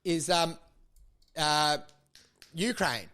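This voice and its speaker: A man co-hosting a crude comedy podcast, riffing excitedly, swearing and laughing. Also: a little high, very slow, clean tone. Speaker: podcast co-host.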